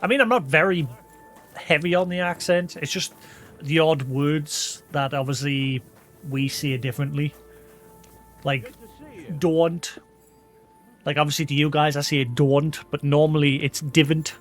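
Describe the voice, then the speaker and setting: A man's voice: fairly high pitch, steady tone, a little slow, pauses often, faint music behind. Chatty Geordie man streaming a game. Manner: rambling and self-deprecating, with frequent "like" fillers. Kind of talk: casual live-stream chat while gaming.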